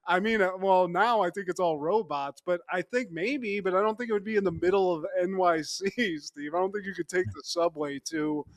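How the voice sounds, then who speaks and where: A man's voice: sits high, normal speed, hardly any pauses, no echo, studio quality. A man co-hosting a podcast, recapping a TV episode in casual chat, joking and laughing often. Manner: jokey, laughing often, slips into mock voices. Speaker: podcast co-host.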